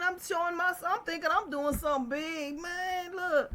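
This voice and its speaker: Fiery high-voiced middle-aged woman host. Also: steady tone, a little fast, few pauses, bright, forceful tone. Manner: passionate, heated storytelling. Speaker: livestream host. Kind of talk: casual chat.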